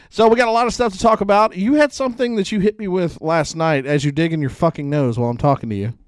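A man's voice: sits high, quick pace, dry recording, clean studio sound. A man hosting a casual podcast chat, laughing often and swearing freely. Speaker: podcast host.

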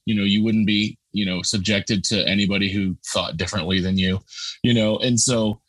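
A man's voice: lowish voice, steady tone, moderate pace, fairly bright tone, no echo. A man hosting a podcast, talking earnestly and conversationally, with many fillers. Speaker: podcast host. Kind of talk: casual conversation.

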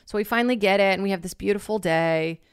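A woman hosting a podcast, telling a funny story in a lively, casual way, swearing freely and acting out what people said. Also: mid-range voice, fast, clear, resonant tone, dry recording, clean studio sound. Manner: animated, swears freely, acts out quotes. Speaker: podcast host.

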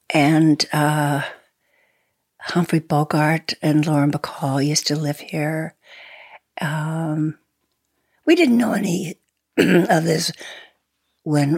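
Older woman guest, eighties, husky and slow, soft-spoken, gravelly edge. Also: sits low, no room sound. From Sweden. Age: 80s. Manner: soft-spoken, halting, laughs often. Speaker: interview guest. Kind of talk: reminiscing conversation.

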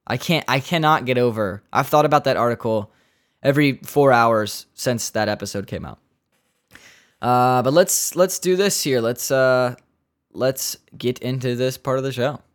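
Speaking at normal speed in a mid-range voice, a podcast host chats casually on his own. His talk is rambling and jokey, sprinkled with swearing and laughter at his own side remarks.

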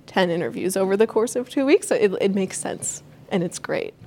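Mulher animada, risonha, em entrevista. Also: female voice, mid-range voice, expressive, normal speed, darkish tone. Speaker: podcast host guest. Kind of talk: interview answers.

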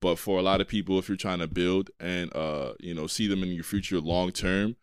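A young man hosting a podcast, giving his views in a relaxed, somewhat hesitant casual chat. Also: deep voice, a little fast, clear, resonant tone, dry recording, studio quality. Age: young adult. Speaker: podcast host.

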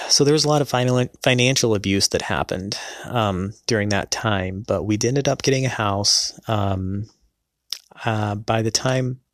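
A man speaks in a lowish voice, slow to find his words and stopping often with filler sounds. His tone stays earnest and low-key. The sound is close and dry, with no room around it. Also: no room sound. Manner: hesitant, many pauses and filler sounds. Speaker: person recounting a past marriage. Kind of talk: personal storytelling.

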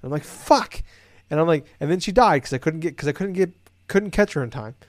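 A man's voice: fairly high pitch, expressive, fast, no room sound. Swearing, ranting man on a dry mic. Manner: profane ranting storyteller, swinging from muttering to shouting. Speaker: podcast co-host. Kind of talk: casual chat.

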